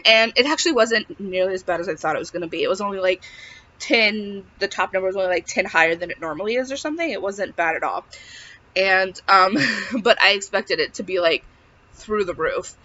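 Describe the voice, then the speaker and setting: A woman's voice: medium pitch, a little fast, sharp tone. A young woman telling a personal story in a casual vlog, chatty and full of filler words. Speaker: vlogger. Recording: slightly dull lo-fi sound.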